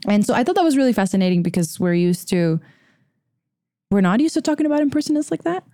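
A woman co-hosting a casual faith discussion, reading passages slowly and explaining them with frequent laughter. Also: medium pitch, very animated, mellow, no echo. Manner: reads quotes slowly, laughs often. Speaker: podcast co-host reading scripture.

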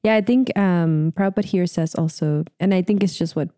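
A young woman in casual discussion of scripture, talking in an animated way with lots of "like" and acted-out quotes. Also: lowish voice, a little fast, dry recording, studio quality. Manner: animated, acts out quotes, filler-heavy.

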